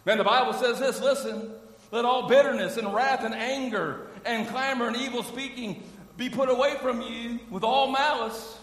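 A man's voice: extremely high pitch, steady tone, moderate pace, fairly bright tone. A middle-aged man preaching a sermon as pastor, emphatic and conversational, often breaking in with "amen?" and "listen.". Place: church sanctuary. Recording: echoey hall from far off.

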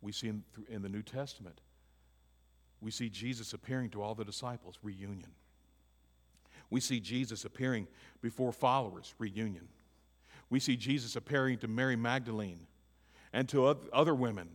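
A man preaching a sermon. His delivery swings between loud emphatic lines and hushed, near-whispered ones. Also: medium pitch, moderate pace, pauses often. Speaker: pastor. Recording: long hall reverb.

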